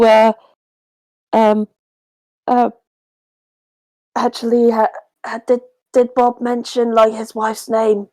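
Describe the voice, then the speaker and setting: Slow, stammering woman player. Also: fairly high pitch, monotone, mellow, rough recording. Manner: stammering, hesitant. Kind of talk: tabletop game chat.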